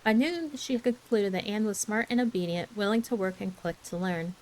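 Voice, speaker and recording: A woman reads a classic novel aloud as a soft ASMR bedtime story. Her narration is gentle and soft-spoken. Her pitch sits in a woman's middle range. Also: brisk, low-quality recording.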